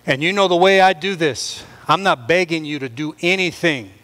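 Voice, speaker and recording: A man with a high, lifted voice gives a sermon to his congregation. He preaches with mounting fervor, pressing his listeners to come forward. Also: moderate pace, sharp tone, long reverb tail. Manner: impassioned preaching, rising and pressing. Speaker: pastor.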